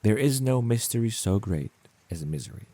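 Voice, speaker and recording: Man doing a sad gentle prince statue, deep husky voice, solemn. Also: lively intonation, a little fast, no echo. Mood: sorrowful. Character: noble, sorrowful prince statue, male, selfless.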